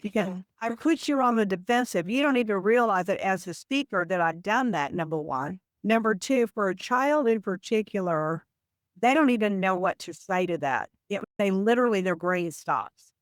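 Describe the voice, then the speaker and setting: A woman guest on a podcast interview, explaining habits in a measured, example-filled conversational way. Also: mid-range voice, animated, dry recording. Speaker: podcast guest, communication coach.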